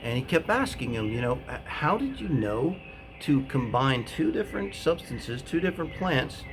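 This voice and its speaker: Male author, casual storyteller, hesitant and rambling, average pitch. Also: sing-song, moderate pace, background noise. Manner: rambling and hesitant, full of fillers. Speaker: author telling his own story.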